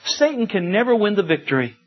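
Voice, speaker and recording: A middle-aged man with a drawl preaches a sermon, leaning on emphatic repetition and homespun stories. His voice sits fairly high and sounds husky. The recording is dull and lo-fi. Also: sing-song, fast. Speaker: pastor.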